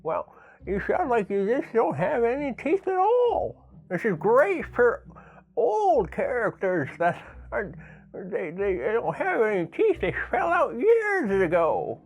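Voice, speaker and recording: A man's voice: extremely high pitch, wildly swooping pitch, takes it slowly, highs cut off, pitched above the performer's own voice, exaggerated voice. A man doing a gummy toothless old-timer. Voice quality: gummy, lips pulled over teeth.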